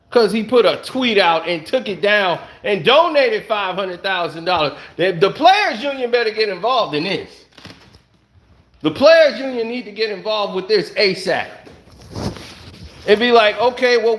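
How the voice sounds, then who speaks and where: A man giving a heated solo commentary from home, blunt and angry, firing off rhetorical questions. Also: sits high. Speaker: online commentator.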